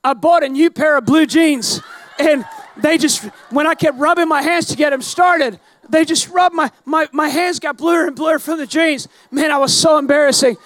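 A pastor telling a self-mocking story in an animated sermon, often breaking into shouts. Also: male voice, very high-pitched, moderate pace, no room sound. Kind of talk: storytelling sermon to a live audience.

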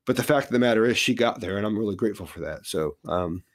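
A man's voice: lowish voice, lively intonation, quick pace. A middle-aged man, a guest on a podcast interview, telling a personal story in an earnest, reflective way with lots of filler words.

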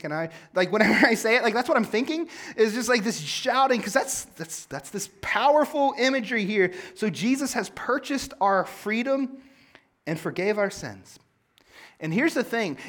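A young man preaching a sermon in a casual, conversational way, full of filler words, swinging between loud emphasis and quiet, low asides. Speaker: pastor.

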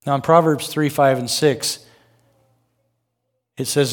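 A man's voice: mid-range voice, steady tone, takes it slowly, pauses often. An older man preaching a sermon as a guest speaker, earnest, with folksy personal asides and rising emphasis.

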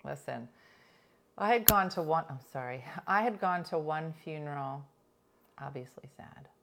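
Woman cohost gabbing away, lower voice, animated, says like a lot. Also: measured pace, slight background noise. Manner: animated storytelling, heavy use of "like". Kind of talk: casual chat.

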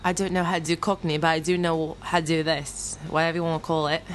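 A woman's voice: deep voice, little pitch movement, fast, slight background noise, natural voice. A woman putting on a playful, exaggerated English accent, heard from away from the microphone.

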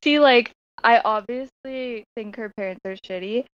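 Female podcast guest, giggly and easygoing, higher voice, muffled lo-fi sound. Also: moderate pace, smooth. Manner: giggly and laid-back, laughs often. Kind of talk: casual podcast chat. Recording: dry, dull lo-fi audio.

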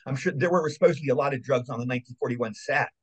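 An older man from Maryland, USA, appears as a guest actor in a casual interview. His husky, mid-range voice races as he tells eager, rambling anecdotes full of restarts.

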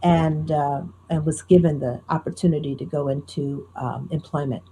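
A middle-aged woman with a faint New Jersey accent, a professional storyteller talking in a lively, self-deprecating way in an interview. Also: low-pitched, normal speed, a little hiss or hum. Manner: animated, self-deprecating, tells anecdotes with quoted dialogue. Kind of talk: conversational interview.

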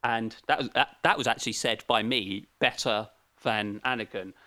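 A man co-hosting a casual comedic film review show, animated and mocking, from England. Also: mid-range voice, normal speed. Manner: animated, mocking, does silly impressions. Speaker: podcast co-host.

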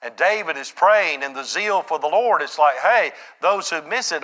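A male pastor preaching a sermon, swinging from loud, high-pitched peaks to quiet, low, reflective passages. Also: moderate pace, hardly any pauses.

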